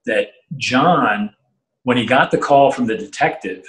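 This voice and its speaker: A middle-aged man telling a long anecdote as an interview guest, animated and full of fillers and restarts, acting out the voices he quotes. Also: medium pitch, a little slow. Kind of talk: storytelling anecdote in casual chat. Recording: roomy echo.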